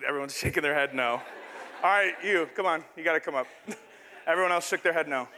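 A man's voice: a little high, fast talker, bright, forceful tone, in a large hall, slight background noise. A man preaching a sermon in a church, playfully acting out an illustration with a volunteer on stage. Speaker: pastor. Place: church hall.

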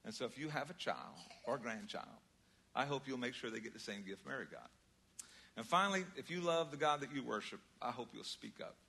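An older man preaching a sermon, conversational and storytelling, moving between loud emphasis and quiet asides. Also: mid-range voice, lively intonation, a little fast, vocal fry, slightly rough. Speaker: pastor.

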